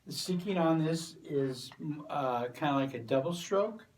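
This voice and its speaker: A man giving a drum lesson, explaining crash patterns step by step in a relaxed way with plenty of fillers. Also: on the high side, moderate pace, slight background noise. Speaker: drum teacher. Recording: voice from a distance from the mic. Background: drum kit and cymbals.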